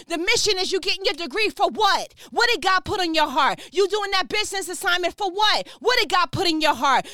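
An extremely high, sharp-toned female voice carries this motivational preaching over a phone line. She's fervent and emphatic, slipping into slang and hammering away with repeated questions, and the audio has studio quality with no room sound.

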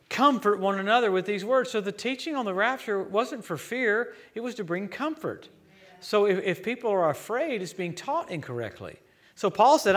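A man with an American accent preaching a sermon as a guest speaker, lively and joking, with sudden loud peaks. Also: high voice.

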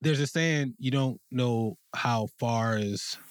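A man in his thirties, an interview guest, telling his story candidly, laughing often and growing animated when he quotes others. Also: mid-range voice, slow, dry recording, studio quality.

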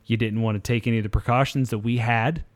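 A man's voice: medium pitch, steady tone, fast, dry recording. Profane storytelling man, dry sound. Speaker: podcast co-host. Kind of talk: casual chat, storytelling.

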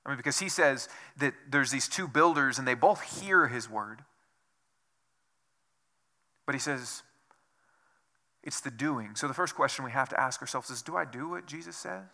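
A man's voice: mid-range voice, lively intonation, moderate pace, gravelly, pauses often, sharp tone. A man preaching a sermon as pastor, asking rhetorical questions over and over and dropping to a whisper for emphasis. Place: church.

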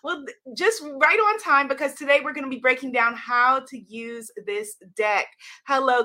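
A high-pitched, bright-voiced woman hosts a live stream, bubbly and enthusiastic. She greets her viewers by name and laughs often as she chats. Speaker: author and livestream host.

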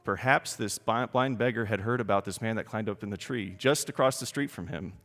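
A man preaching a sermon in an animated, emphatic way, often putting questions to his congregation. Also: fairly low pitch, a little fast, long reverb tail. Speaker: pastor.

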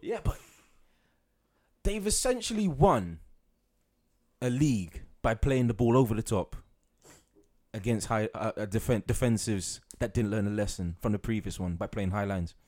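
A man co-hosting a laid-back football podcast. His pitch rises and falls a lot as he talks. He rambles, stalls and restarts sentences constantly. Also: expressive, a little mellow. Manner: rambling, halting, many restarts. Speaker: podcast co-host. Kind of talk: casual football podcast chat.

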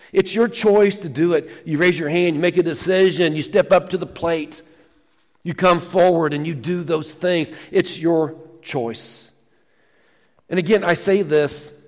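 A man's voice: on the high side, long reverb tail. A man preaching a sermon in a church, folksy and fond of jokes and stories. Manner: folksy storytelling, tells jokes. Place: church sanctuary.

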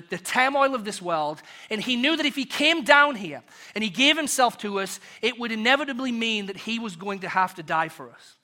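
A British man delivers a sermon in a notably high voice. His tone is bright and ringing, and he moves between loud, rising questions and quiet, hushed answers. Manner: rhetorical questions, builds and drops in volume. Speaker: pastor.

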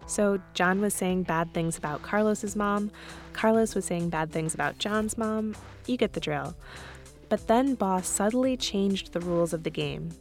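Woman, podcast host, scripted narration, clear guiding delivery, faint music underneath. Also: medium pitch, a little slow, a little mellow.

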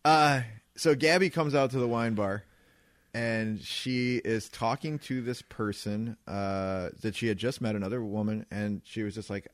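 A man co-hosting a podcast, telling lively anecdotes in casual chat, acting out voices and laughing often. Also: lowish voice, dry recording, clean studio sound. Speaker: podcast co-host.

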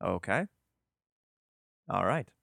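A man's voice: low voice, lively intonation, takes it slowly, vocal fry, bright, forceful tone, no echo, studio quality. A man reading scripture aloud, breaking off for sarcastic, profane and exasperated comic asides. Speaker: host reading scripture with commentary. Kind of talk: irreverent comic commentary.

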